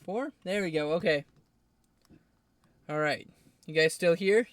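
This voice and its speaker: A man's voice: on the high side, measured pace. A man hosting a game playthrough, chatting casually and apologetically, sometimes talking while eating. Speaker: gaming channel host.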